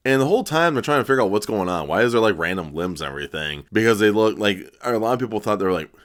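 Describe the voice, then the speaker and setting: A man's voice: lowish voice, lively intonation, racing, a bit bright. A young man reviewing a movie in a casual, rambling way, laughing as he talks.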